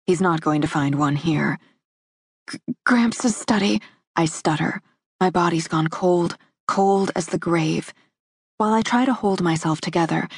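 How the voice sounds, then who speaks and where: Woman reading a romance audiobook, husky low-ish voice, dry close studio mic. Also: darkish tone, no room sound. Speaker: audiobook narrator. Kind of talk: first-person romance narration.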